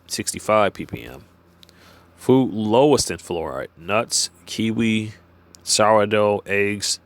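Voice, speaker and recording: A man reading food figures aloud and then wandering into loose, halting asides, full of "uh" and "you know". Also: fairly low pitch. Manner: halting, many fillers and restarts when off script. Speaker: vlogger. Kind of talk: reading from a page and musing aloud.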